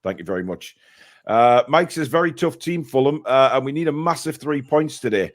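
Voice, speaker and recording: A man's voice: mid-range voice, expressive, moderate pace. A man hosting a casual live stream, reading out viewer messages and giving blunt opinions.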